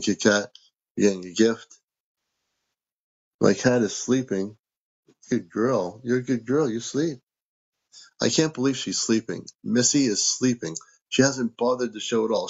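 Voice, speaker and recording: A man's voice: fairly low pitch, vocal fry, highs cut off. A man hosting a casual livestream from home, reading out viewer comments and thanking people for gifts. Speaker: livestream host.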